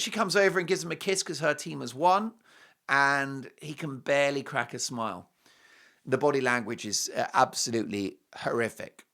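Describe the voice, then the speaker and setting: A middle-aged British man delivering a talk show monologue, his voice swinging widely in pitch as he mocks and jokes. His tone is bright and forceful, and he leans into punchy asides and sudden emphasis. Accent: British English. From Britain. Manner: animated, mocking, jokey asides.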